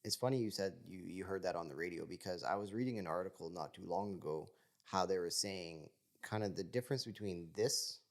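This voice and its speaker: A man with an extremely low, deep voice co-hosts a casual podcast. He weighs in calmly and matter-of-factly. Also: brisk. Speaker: podcast co-host. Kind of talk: casual chat.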